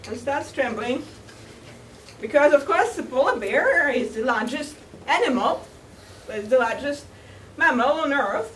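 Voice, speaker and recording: A woman tells a humorous fable as a contest speaker, playful and chuckling at her own jokes. Her voice is high and swoops widely as she takes her time over each line. She is heard from far off in a large echoey hall. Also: fairly bright tone, a little hiss or hum. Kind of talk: humorous storytelling speech. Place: large hall at a cultural center.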